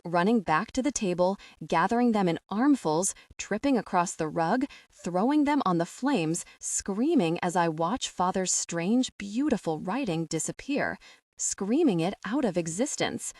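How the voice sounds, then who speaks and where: A woman narrating a fantasy audiobook in the first person, with a measured, expressive reading. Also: medium pitch, dry recording. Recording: dry, somewhat distant from the mic.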